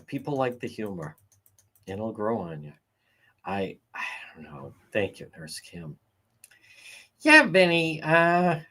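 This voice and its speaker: A middle-aged man hosting a casual livestream responds to chat comments with sarcastic, wry humor. He chuckles now and then, and his pitch swings animatedly.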